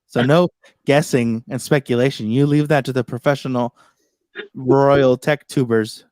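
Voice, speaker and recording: A man's voice: medium pitch, steady tone, unhurried, a little mellow, no room sound. An American man hosting a casual tech livestream chat, joking around and swearing freely. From United States. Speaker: host.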